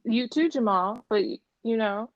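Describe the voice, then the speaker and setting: A woman's voice: on the high side, a little slow, no room sound, muffled recording. A woman on a casual podcast, playful and defensive about being teased, affectionate toward her family. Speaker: podcast co-host. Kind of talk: casual chat.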